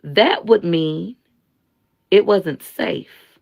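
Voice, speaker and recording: A woman hosting a live stream, giving blunt, slangy commentary and telling stories in an animated way. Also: lowish voice, drawn-out words, vocal fry, lo-fi sound. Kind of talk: casual commentary and storytelling.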